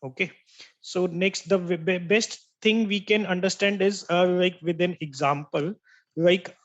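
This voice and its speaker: Male tech trainer with a high voice, explains patiently, repeats key terms, keeps asking "right?". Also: steady tone, unhurried, lo-fi sound. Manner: explanatory, checks in with "right?" after each point. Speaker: software instructor. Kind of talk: online tech training lecture.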